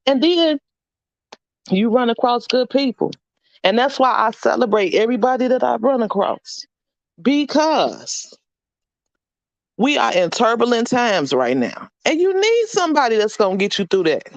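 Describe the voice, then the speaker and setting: A woman's voice: a little high, sing-song, normal speed, no room sound, dull audio. A middle-aged woman hosting a casual livestream chat, upbeat and encouraging as she reads out names from the chat. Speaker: livestream host.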